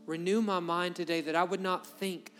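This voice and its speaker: A middle-aged man preaching from the pulpit, his voice sitting a little high for a man. He delivers the sermon with passion, swelling louder when he drives a point home. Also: little pitch movement, moderate pace, music in the background. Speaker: pastor.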